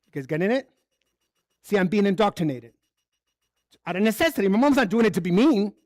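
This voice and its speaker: A man's voice: high voice, animated, brisk, a little mellow, no room sound, studio quality. A man giving a candid, conversational sermon built on personal stories at a spiritual center service, acting out the dialogue as he goes. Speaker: spiritual speaker.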